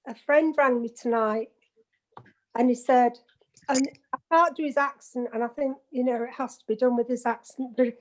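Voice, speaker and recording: High-voiced chatty woman on a video call. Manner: chatty, giggly storyteller. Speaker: participant in an online meeting. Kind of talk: casual video call chat.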